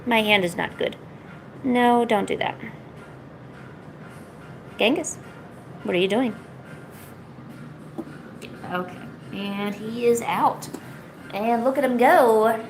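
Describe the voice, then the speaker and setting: A sick woman streaming her drawing, chatting softly to her pets and cooing at them. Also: a little high, slow pace, pauses often, slight background noise, poor audio. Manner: soft, cooing pet talk. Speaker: art streamer. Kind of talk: casual chat to her pets while drawing. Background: faint music.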